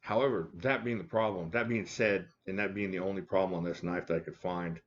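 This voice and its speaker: A low-voiced man with a drawl chats loosely on a home live stream, greeting viewers by name and cracking jokes. The audio is a bit dull and lo-fi. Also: fairly even intonation, a little fast, a little hiss or hum. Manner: chatty, joking, talks to viewers by name. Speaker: live stream host reviewing knives. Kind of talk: casual live chat reading viewer comments. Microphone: desk mic at a home setup.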